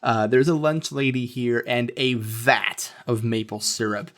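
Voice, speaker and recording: A man's voice: mid-range voice, fairly even intonation, unhurried. A man narrating as game master in a loose, joking style. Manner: loose, joking, laughs often. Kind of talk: narrating a comedic tabletop game.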